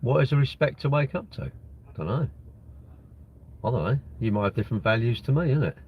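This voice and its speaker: A man's voice: mid-range voice, animated, a little fast, husky, narrow, tinny audio. A man, chatting casually on a live stream from his car and answering viewer comments in a rambling way. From Britain. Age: 60s. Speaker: livestream host. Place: inside a parked car. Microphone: phone propped at the windscreen.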